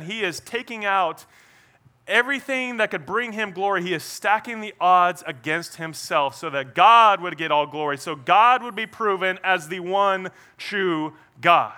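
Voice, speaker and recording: A pastor preaching a sermon, retelling a story with lively acted-out quotes and playful asides. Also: male voice, a little slow. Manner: animated storytelling preacher, acts out quotes and trash talk; shifts between loud excited bursts and low quiet asides.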